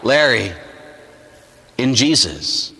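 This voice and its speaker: A man voicing God as a tender, loving father, speaking low and softly. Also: big pitch swings, very slow, gravelly, husky, in a large hall, full character voice.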